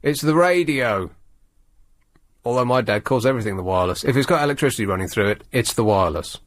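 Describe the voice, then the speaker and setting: A man hosts a talk radio show from a studio. He rambles in a sardonic, halting way at a medium pitch. His voice sounds dry and close to the mic. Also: expressive, no echo. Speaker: radio host. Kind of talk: late-night talk radio monologue.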